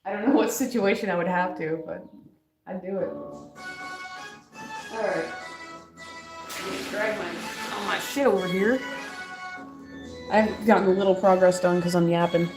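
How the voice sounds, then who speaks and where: A woman's voice: fairly low pitch, steady tone, a little slow, long pauses, music in the background. A young woman streaming while she crafts, rambling and joking with her chat and laughing often, at home. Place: at home, moving furniture.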